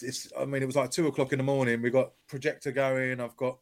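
A man co-hosting a podcast, telling stories about painting murals in a relaxed, easy way. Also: medium pitch, quick pace. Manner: relaxed storyteller with frequent laughs. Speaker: co-host, mural company boss. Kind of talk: casual podcast chat.

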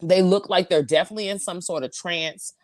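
A woman co-hosting a podcast in casual, expressive chat. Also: fairly low pitch, dry recording, clean studio sound. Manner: animated, expressive, quick asides. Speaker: podcast co-host.

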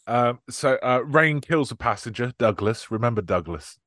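A man co-hosting a film podcast in casual chat. His pitch rises and falls a lot as he recaps scenes, swears freely and slips into quick put-on lines from the film. The sound is close and dry, with no room around it. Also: animated, fairly bright tone, dry recording. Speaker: podcast co-host.

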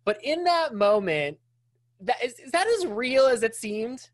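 A woman's voice: fairly high pitch, big pitch swings, unhurried, dry recording, studio quality. A woman hosting an interview podcast, gushing with enthusiasm as she asks questions. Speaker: podcast host. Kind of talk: conversational interview.

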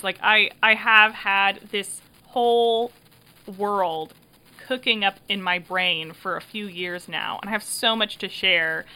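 A woman's voice: mid-range voice, pushed and bright, clean tone. A woman hosting a podcast wrap-up in casual chat, laughing often and filling gaps with um and uh. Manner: chatty, laughs often, frequent fillers. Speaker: podcast host and creator.

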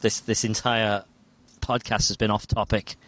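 A man's voice: on the low side, level tone, normal speed, fairly bright tone. A man hosting a casual podcast chat, rambling and enthusiastic as he steers the talk. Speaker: podcast host.

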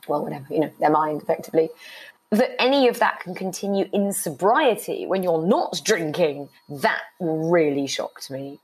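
A woman in her forties speaks as an interview guest. Her voice sits low and she is earnest, circling back over her points. When she is moved it jumps much higher. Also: a little mellow, slightly rough, rough recording. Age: 40s. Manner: earnest, repeats herself, swings high when moved. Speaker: guest, writer. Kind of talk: emotional personal interview.

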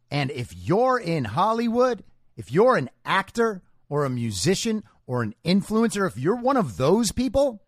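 Mocking male talk host, animated pitch. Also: no echo, studio quality. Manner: sarcastic, mocking, with drawn-out dramatic pauses. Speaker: political talk show host. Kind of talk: scripted political commentary monologue.

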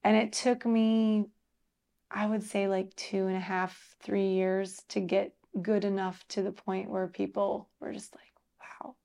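A woman musician, interviewed as a guest, chats casually and tells stories with animation. Her mid-range voice is a little slow and creaky, and she laughs often and uses lots of fillers.

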